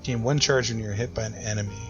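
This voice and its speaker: A man's voice: lowish voice, steady tone, fast, highs cut off, over music. An American man thinking aloud and rambling through casual let's-play commentary, with self-deprecating asides. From United States. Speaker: gaming YouTuber.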